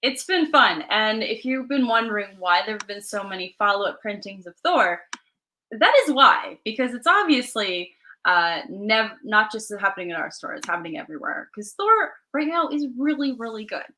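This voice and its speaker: A woman's voice: mid-range voice, sing-song, normal speed, bright, forceful tone, a little hiss or hum. A woman co-hosting a comic shop stream, chatting casually and laughing often at herself. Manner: giggly, self-deprecating. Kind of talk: casual chat.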